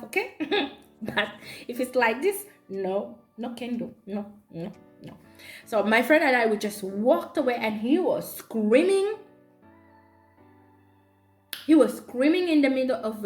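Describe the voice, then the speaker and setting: A woman with a Zambian accent telling a storytime vlog, animated and laughing often as she talks. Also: medium pitch. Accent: Zambian English. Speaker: vlogger. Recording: roomy echo with faint background music.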